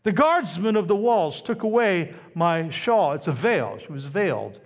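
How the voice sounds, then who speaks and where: A man preaching a sermon, teaching in a lively, conversational way with asides to his listeners. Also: high-pitched, a little slow. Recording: long hall reverb.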